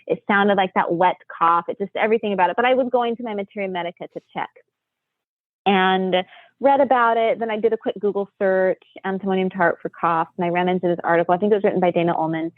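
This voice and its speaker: A woman's voice: fast, dry recording. An American woman tells stories as a podcast guest, bouncing between voices as she acts out quotes and breaks into laughter. She sounds like she is on a phone line, thin and tinny. The sound is close and dry, with no room around it. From United States. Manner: animated, acts out quotes with big pitch jumps, laughs often. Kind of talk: storytelling in casual chat.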